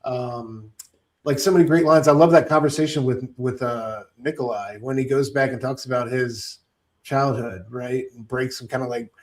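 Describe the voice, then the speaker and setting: A man with a mid-range voice co-hosts a casual film podcast. He rambles in a relaxed, slangy way. He sits a little back from the mic. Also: medium pitch, normal speed, distant mic. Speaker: podcast co-host. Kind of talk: casual movie review chat.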